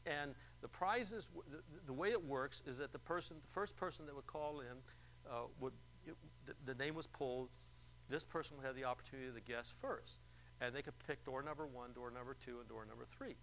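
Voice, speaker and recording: A man's voice: medium pitch, a little fast, fairly bright tone, a little hiss or hum, poor audio. A male preacher telling a story in a church service and firing rhetorical questions at the congregation. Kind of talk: sermon.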